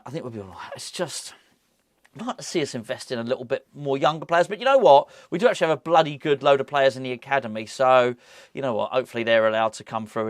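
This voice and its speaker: A man hosting a football fan channel, chatting in a casual, rambling and excitable way, often laughing at his own asides. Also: mid-range voice, dry recording, studio quality. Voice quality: moustache. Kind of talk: casual fan vlog chat.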